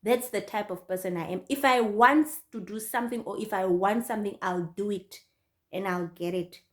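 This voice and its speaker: A young woman from Namibia with a Namibian accent, telling her own story to her viewers in a casual, animated way. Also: mid-range voice, moderate pace. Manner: animated, addresses viewers directly. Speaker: YouTuber.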